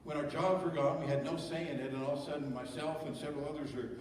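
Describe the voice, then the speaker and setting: A middle-aged pastor with a fairly high voice preaches quickly and with fairly even intonation, chatting with the congregation through rhetorical questions. The sound comes from far off in an echoey church hall, with slight background noise.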